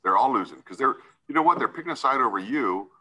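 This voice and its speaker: A man's voice: medium pitch, expressive, fast, sharp tone, breathy edge, rough recording. A man serving as a judge, sternly lecturing a defendant in a courtroom hearing and often tagging his points with "right?".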